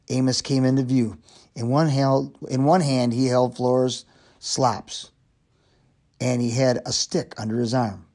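Male reader, children's chapter book, steady mid-pitched narration. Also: measured pace, slightly rough. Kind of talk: reading a children's novel aloud.

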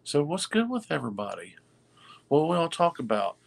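A man co-hosting a live sales stream in a casual, halting way, full of fillers, greeting viewers by name. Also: a little high, very animated, gravelly. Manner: halting, many fillers and restarts. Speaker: livestream co-host reading viewer comments.

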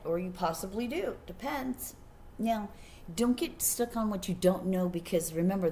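A woman giving a casual spiritual message to her viewers, rambling with playful asides and drifting into soft murmurs. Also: on the low side, a little hiss or hum. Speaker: spiritual reader.

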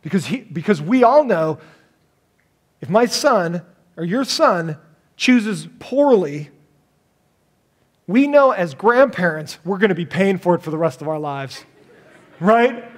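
Middle-aged pastor guy, pretty high voice, jokey, does little voices mid-sermon. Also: lively intonation, takes it slowly, long pauses.

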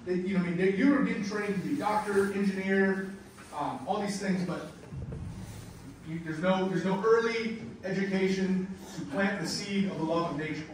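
An American man giving a classroom lecture as a guest nature guide, animated and storytelling, with simple wording for learners. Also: high-pitched, moderate pace, a little hiss or hum. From United States. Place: large lecture hall. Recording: echoey hall from far off.

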